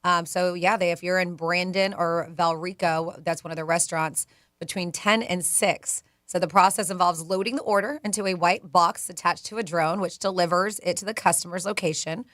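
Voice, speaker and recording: A woman's voice: lowish voice, steady tone, moderate pace, a bit bright, no echo, studio quality. A woman co-hosting a radio show, chatting about news and running a call-in contest in an upbeat manner, laughing easily. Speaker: radio co-host. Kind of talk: morning radio chat and contest promo. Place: radio studio. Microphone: studio mic.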